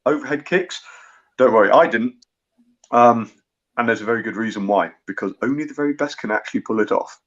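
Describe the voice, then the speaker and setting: A man talks casually on a sports panel, looking back on his playing days with wry asides. His voice sits at a middle pitch, and the recording sounds a little dull and muffled. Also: a little fast, fairly bright tone. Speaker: panel guest.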